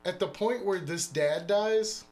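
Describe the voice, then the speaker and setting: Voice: medium pitch, a loud crowd. A podcast guest talking casually and bluntly about a movie, with some swearing. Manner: blunt, profane, measured delivery. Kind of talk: casual chat.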